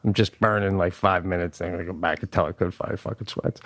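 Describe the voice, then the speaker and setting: A man's voice: low voice, fast talker, few pauses, no room sound, clean studio sound. A man co-hosting a podcast, telling a story in casual comedic style, swearing freely and acting out the people he quotes. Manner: animated, swears freely, acts out quoted voices. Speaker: podcast co-host.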